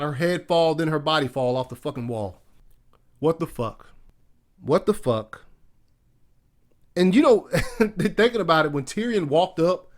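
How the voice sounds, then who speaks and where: A young adult man hosting a podcast, recapping an episode in casual, profane, emphatic talk. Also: fairly high pitch. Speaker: podcast host.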